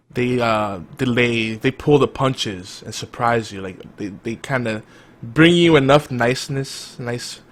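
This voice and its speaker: Chatty man hosting a podcast. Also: medium pitch. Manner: chatty, laughs often, many restarts. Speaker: podcast host. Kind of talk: casual chat reading live chat.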